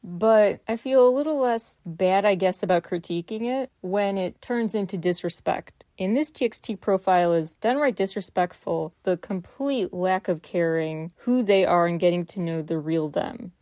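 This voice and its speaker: A woman's voice: lowish voice, normal speed, hardly any pauses, dark tone, dry recording, studio quality. A woman hosting a solo news recap podcast, talking through her critiques with incredulous rhetorical questions. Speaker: podcast host.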